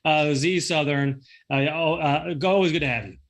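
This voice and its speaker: A man's voice: a little high, normal speed, a bit bright. A man hosting a casual podcast, rambling and correcting himself, laughing often. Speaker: podcast host. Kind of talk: casual chat.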